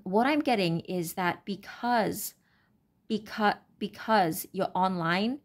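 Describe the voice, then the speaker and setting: A woman giving a casual, unscripted tarot reading, talking in a halting, rambling way with many fillers and restarts. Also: medium pitch, a little mellow. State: brain fog, stuttering. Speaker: tarot reader.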